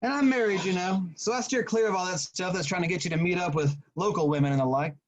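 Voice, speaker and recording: A man's voice: sits high, fast, natural voice, low-quality recording. A man reading aloud as an uneasy married man in his late forties, blunt and rambling at confession. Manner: rambling, blunt, repeating himself.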